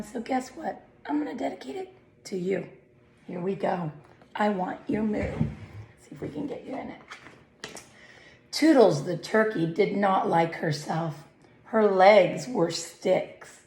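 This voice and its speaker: A woman reading a picture book aloud to children, gentle, with questioning asides to her young listeners. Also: medium pitch, echoey room, a little hiss or hum. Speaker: read-aloud narrator.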